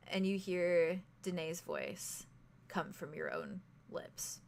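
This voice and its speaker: A young woman narrating as game master in a tabletop game, halting, with many fillers and giggles. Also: on the low side, steady tone, smooth.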